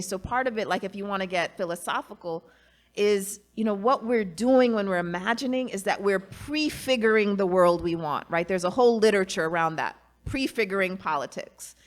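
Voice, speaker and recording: A woman's voice: medium pitch, brisk. A woman in conversation with a mid-range voice, talking in an earnest, reflective way. She leans on "you know" and "right?" as she works through her thoughts. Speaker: guest, academic and author. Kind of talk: casual conversation.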